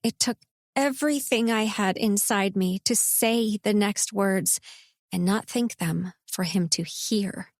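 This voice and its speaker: A woman narrating a first-person romance audiobook in a measured, intimate reading. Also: medium pitch, darkish tone, dry recording, studio quality.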